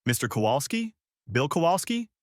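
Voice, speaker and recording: A man playing a curt, older cop on a SWAT call, formal and clipped, with a lively rise in pitch on his questions. The voice is dry and close-miked. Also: normal speed, dry recording. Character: older male SWAT police officer, curt.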